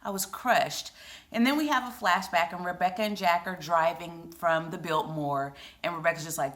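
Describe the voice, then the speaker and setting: A woman casually chatting through a TV episode recap, retelling scenes in an emotional, animated way with lots of fillers. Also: fairly low pitch, normal speed. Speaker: TV recap vlogger.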